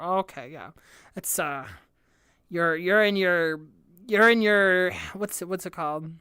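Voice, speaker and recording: A young woman talks through a reaction stream, stopping and restarting as she works out lyrics and laughing at herself. Her voice is smooth and clear, recorded dry and close. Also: lowish voice, unhurried, pushed and bright, no room sound. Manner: thinks aloud, hesitant restarts, frequent laughs, swears. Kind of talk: casual reaction stream, reading lyrics aloud.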